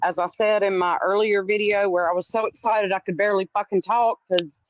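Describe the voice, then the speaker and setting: A middle-aged woman hosting her channel, talking casually in a loud, profane, teasing way. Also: mid-range voice, fairly even intonation, a little fast, highs cut off, over a noisy crowd. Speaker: channel host. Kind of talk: casual chat.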